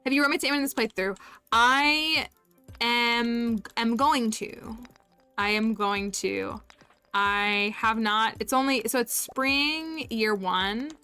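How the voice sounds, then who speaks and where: A chatty woman streaming a game live, talking to viewers in a bright, crisp, fairly high voice. She giggles and rambles warmly with soft game music playing behind her. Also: slow. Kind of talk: casual live-stream chat while gaming.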